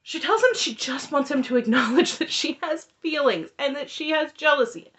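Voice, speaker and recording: A woman's voice: high-pitched, animated, moderate pace, fairly bright tone. A woman recapping a reality show in casual commentary, sarcastic and exasperated. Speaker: recap vlogger.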